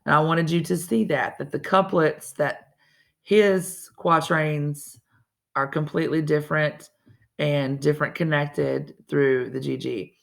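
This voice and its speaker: Woman teacher, slightly gravelly, talking casually through a lesson. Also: sits low, steady tone, unhurried. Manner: casual, chatty, restarts often. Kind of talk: recorded classroom lesson.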